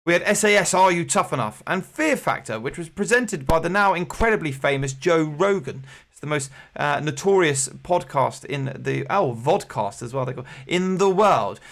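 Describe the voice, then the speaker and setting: A man's voice: fairly high pitch, expressive, normal speed, a bit bright. A man hosting an online quiz with jokey, rambling game-show patter. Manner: jokey, rambling, playful showman.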